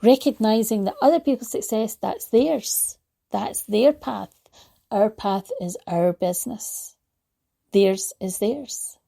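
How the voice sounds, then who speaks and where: A woman's voice: mid-range voice, slow, vocal fry. A woman giving a reflective motivational talk, telling a story in an anecdotal way. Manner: warm anecdotal storytelling, laughs lightly. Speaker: motivational speaker.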